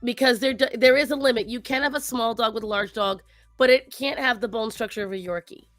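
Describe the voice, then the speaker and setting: A woman co-hosting a casual talk show, speaking to her viewers and giving pet advice in an animated way. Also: fairly high pitch, fairly quick, no room sound, soft background music. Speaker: co-host. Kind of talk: casual chat.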